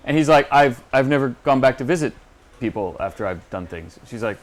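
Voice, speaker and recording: A man's voice: medium pitch, a little fast. A man on a comic book show, animatedly recapping a comic and acting out the characters' lines. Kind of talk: casual chat, recapping a comic.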